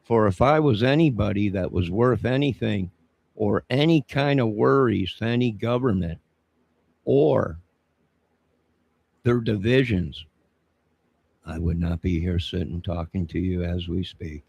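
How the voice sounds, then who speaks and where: Gravelly deep-voiced man, preachy and indignant. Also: measured pace, long pauses, a little mellow. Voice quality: gravelly husky voice. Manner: indignant, preachy, confrontational, keeps saying 'sir'. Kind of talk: rambling live-stream monologue.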